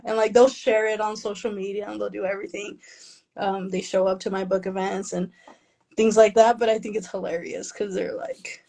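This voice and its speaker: A woman author, raised in the US in a Mexican family, speaks briskly in an interview, her mid-range voice creaky, a little mellow, and showing little pitch movement. She keeps things casual with self-deprecating humor, frequent laughter, and Spanish phrases woven into her English. The recording is rough.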